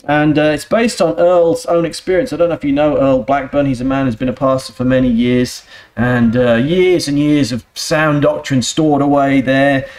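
A man preaching a sermon in a church, earnest and steady, often turning to the congregation with rhetorical questions. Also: medium pitch, normal speed. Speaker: pastor.

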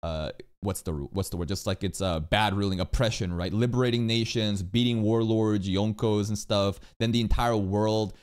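Excitable low-voiced man reacting to a video. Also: normal speed, hardly any pauses, clean tone. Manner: excitable, swears often, jumps to loud high rants. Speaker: reaction streamer. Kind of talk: casual reaction commentary.

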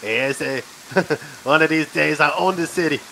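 A man's voice: on the high side, unhurried, creaky, rough recording. A man playing a survival game with a friend, joking around in a laid-back way. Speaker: co-player. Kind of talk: casual gaming chat. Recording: steady rain-like noise behind.

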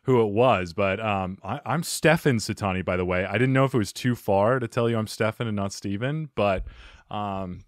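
A man's voice: lowish voice, normal speed, dry recording, studio quality. Jokey self-deprecating male podcast host. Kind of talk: casual interview chat.

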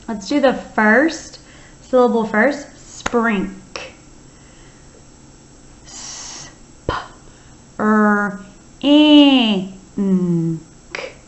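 A woman teaching young children to write, slowly sounding out letters and words one at a time in a patient, encouraging way. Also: medium pitch. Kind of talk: early-grade writing lesson. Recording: slightly dull, lo-fi sound.

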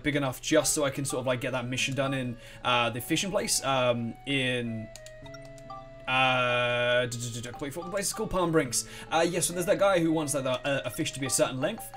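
A young man commentating a game, rambling and excitable, swearing freely. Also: medium pitch. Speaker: let's play host. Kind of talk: gameplay commentary.

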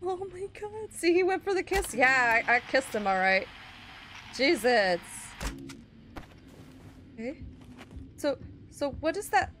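A young woman with a high, swooping voice plays a horror game on camera, easily startled and gasping. She talks things through slowly, to herself and to her viewers. Faint background noise sits under her voice. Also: expressive, fairly bright tone. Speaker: gaming YouTuber. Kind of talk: horror game let's play commentary.

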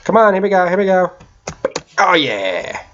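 A young man giving casual gaming commentary, excitable, yelping, whooping and swearing often as he plays. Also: high voice, normal speed, dull audio. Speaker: gaming channel host.

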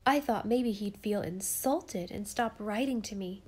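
A woman's voice: medium pitch, a little slow, a little mellow, breathy edge. A woman reading an audiobook, voicing a sensible, earnest young girl. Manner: earnest, sometimes indignant.

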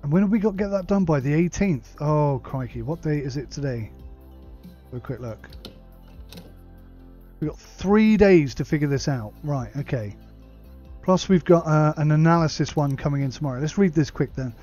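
A man's voice: on the high side, animated, normal speed, warm tone, dull audio, faint music behind. A man hosting a let's play, reading game text aloud and muttering asides to himself. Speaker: gaming channel host.

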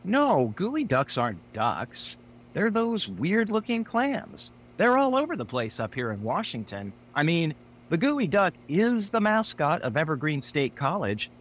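Unhurried, animated man. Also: fairly high pitch. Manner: animated, exasperated, playful. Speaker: podcast co-host. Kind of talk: scripted comedy banter.

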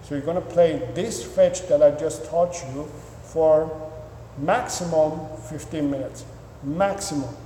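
A man's voice: fairly high pitch, measured pace, dark tone, slight background noise. A man working as a dog trainer, answering viewer questions in an instructive, repetitive way with many fillers. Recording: echoey room with long reverb.

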